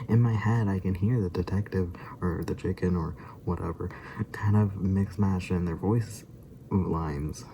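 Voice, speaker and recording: A man's voice: sits low, fairly even intonation, unhurried, creaky, dark tone, a little hiss or hum. A man in his twenties chatting casually in a rambling vlog, chuckling often as he retells things. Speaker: vlogger.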